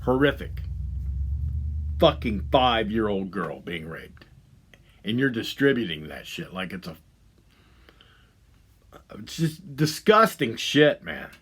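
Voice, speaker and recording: A man hosting a podcast, delivering a profane, heated monologue that swings between loud outbursts and low muttering. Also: sing-song, takes it slowly, pauses often, slightly rough. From Ohio. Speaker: podcast host. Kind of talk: angry ranting monologue.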